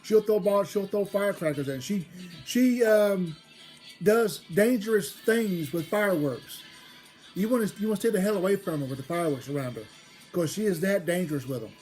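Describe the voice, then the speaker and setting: A woman telling a family story in a rambling, casual way, getting loud and excited as it builds. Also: mid-range voice, brisk. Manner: rambling, restarts, grows loud and excited in the retelling. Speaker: storyteller host. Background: faint background music.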